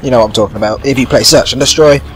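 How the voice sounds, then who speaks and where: A man's voice: mid-range voice, very fast, soft background music. Chatty man commenting on gameplay. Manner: rambling, chatty, swears casually. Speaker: gaming channel host.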